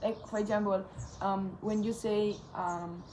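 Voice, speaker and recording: A woman's voice: medium pitch, fairly even intonation, unhurried, darkish tone, slight background noise. Young woman from Spain, hesitant chat. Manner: hesitant, thinking aloud. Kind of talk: casual chat.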